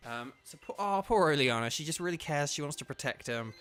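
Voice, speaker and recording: A man's voice: a little high, lively intonation, a little fast, hardly any pauses, fairly bright tone, faint music behind. Enthusiastic man streaming a game. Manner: enthusiastic, rambling, lots of "like". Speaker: gaming streamer and voice actor. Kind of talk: casual gameplay commentary.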